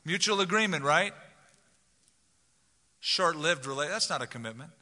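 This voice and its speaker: A man's voice: a little high, animated, normal speed, sharp tone. A man preaching a sermon as pastor, talking to the congregation conversationally and acting out quoted voices. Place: large church sanctuary. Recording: long hall reverb.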